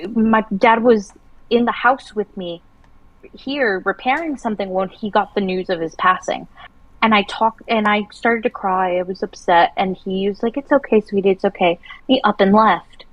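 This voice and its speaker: Woman streamer, animated storyteller in casual chat, dry close mic. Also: medium pitch, normal speed, no room sound, highs cut off. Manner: chatty, animated storyteller with many restarts. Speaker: livestream co-host.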